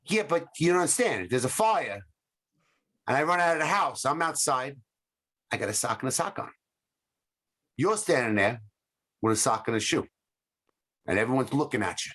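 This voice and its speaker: A man's voice: medium pitch, animated, moderate pace, long pauses, a bit bright. A man co-hosting a casual comedy podcast, rambling through stories and acting out the voices he quotes. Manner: rambling storyteller who acts out quoted voices. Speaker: podcast co-host.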